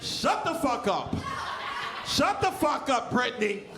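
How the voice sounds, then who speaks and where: A man in his forties with a lisp, doing a loud, crude stand-up comedy set on stage, often shouting at the crowd. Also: extremely high pitch, big pitch swings, takes it slowly, roomy sound, background noise. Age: 40s.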